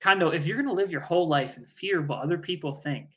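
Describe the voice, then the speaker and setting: Joking, blunt man, fairly high voice. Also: quick pace, bright, forceful tone, dull audio. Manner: joking, blunt, swears freely. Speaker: podcast co-host. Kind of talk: casual chat.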